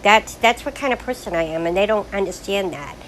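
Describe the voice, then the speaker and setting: A woman's voice: mid-range voice, animated, a little fast, a bit bright, a little hiss or hum, low-quality recording. Older woman, frank and rambling. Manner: rambling, frank, with many restarts. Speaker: grandmother sharing life stories. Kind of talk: casual reflective monologue.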